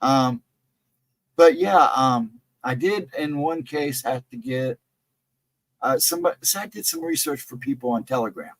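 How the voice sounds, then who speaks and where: A man's voice: mid-range voice, sing-song, unhurried, no echo. Guy hosting a chill late night stream, rambly, laughs a lot, dry close mic. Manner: rambling, easygoing, laughs often. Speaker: host. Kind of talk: casual livestream chat.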